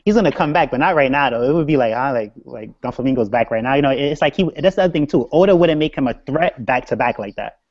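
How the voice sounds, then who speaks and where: A young man argues in a casual group chat, pressing his point and repeating phrases to keep the floor. He talks quickly at a middle pitch. The audio is dull and lo-fi, like an online group stream. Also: animated. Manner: insistent, repeats himself to hold the floor. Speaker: stream co-host.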